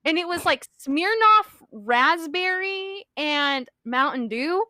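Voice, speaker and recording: A woman's voice: high voice, animated, slow pace, pushed and bright, no echo. A young woman, co-hosting a podcast and telling a rambling, giggly story with frequent laughs. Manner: rambling and giggly, laughs often mid-sentence. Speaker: podcast co-host. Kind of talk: casual storytelling chat.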